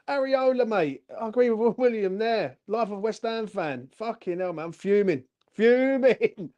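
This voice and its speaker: A man's voice: fairly high pitch, darkish tone. A young man, hosting a fan channel's post-match live stream and ranting furiously, with lots of swearing.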